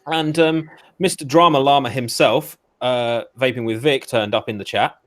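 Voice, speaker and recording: A man's voice: mid-range voice, moderate pace, a bit bright. A British man co-hosting a casual podcast, reading out online comments in a stop-start way with frequent laughs. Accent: British English. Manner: giggly, stop-start reader. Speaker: podcast co-host.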